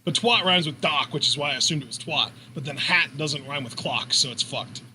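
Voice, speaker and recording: High bouncy guy joking around on a wrestling reaction stream, swears a lot, bit of faint noise. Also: brisk, sharp tone. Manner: joking, playful, swears freely. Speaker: co-host of a wrestling watch-along. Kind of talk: casual live reaction chat.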